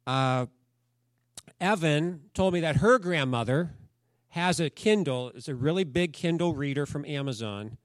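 A man's voice: on the high side, a little slow, dry recording, clean studio sound. A man preaching a sermon, talking in a conversational storytelling way and asking the congregation questions. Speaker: pastor.

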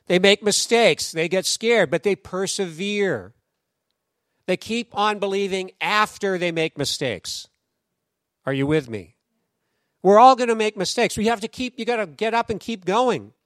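A man preaching a sermon in a conversational, animated storytelling way, acting out quoted voices. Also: high voice, no room sound, clean studio sound. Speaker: pastor.

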